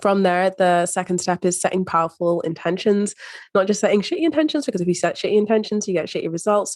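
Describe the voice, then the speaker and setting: A woman's voice: lowish voice, darkish tone, no room sound, clean studio sound. A woman guesting on a podcast as a mindset coach, talking in an upbeat, earnest way with casual swearing.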